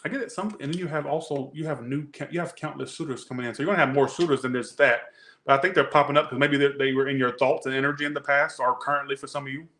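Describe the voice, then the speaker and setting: Male tarot reader, mid-pitched, loose and chatty, rambles and trails off. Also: a bit bright, a little hiss or hum. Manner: rambling, chatty, slangy, self-interrupting. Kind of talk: casual tarot reading.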